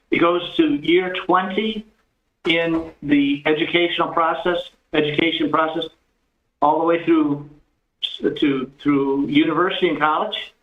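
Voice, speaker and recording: A man serving as a county supervisor, asking a halting question with several restarts. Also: fairly high pitch. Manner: hesitant, restarts. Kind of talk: question at a public meeting. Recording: tinny, echoey room pickup.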